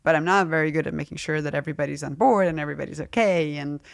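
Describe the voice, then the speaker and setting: A woman's voice: sits low, racing, gravelly. A middle-aged woman speaking frankly and casually as an interview guest, laughing often as she talks. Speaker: fashion brand founder, guest.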